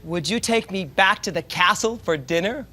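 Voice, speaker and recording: A woman voicing a lovestruck male frog in a well who croaks and ribbits between words at a live children's stage show. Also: mid-range voice, lively intonation, moderate pace, pushed and bright. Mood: wheedling. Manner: croaks and ribbits mid-sentence, wheedling.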